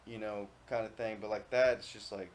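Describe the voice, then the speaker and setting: A young man hosting a casual podcast chat, swearing freely and getting loud when he tells gaming stories. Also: on the low side, a little fast, slight background noise. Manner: profane, animated storytelling, yells when quoting himself. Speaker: podcast host.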